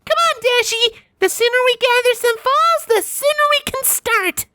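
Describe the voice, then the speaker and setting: Man playing a squeaky hyper pony girl, super high, bouncy. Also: normal speed, very noisy. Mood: excited. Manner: squealing, excited. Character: hyper, bubbly young female pony.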